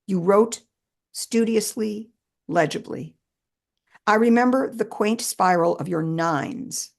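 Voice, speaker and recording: A woman author reading her own personal essay aloud in a measured, expressive way with shifting emphasis. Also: medium pitch, gravelly.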